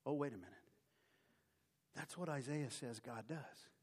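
A man's voice: medium pitch, unhurried, breathy edge. Male preacher telling a personal story. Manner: animated, self-mocking storyteller who acts out his own story. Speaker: preacher giving a testimony. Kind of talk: sermon storytelling.

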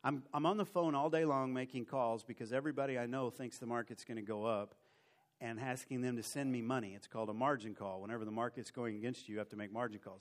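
A man preaching and telling a personal story in a lively way, mocking himself as he acts out the scenes. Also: mid-range voice, fast. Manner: animated, self-mocking storyteller who acts out his own story. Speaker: preacher giving a testimony. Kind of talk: sermon storytelling.

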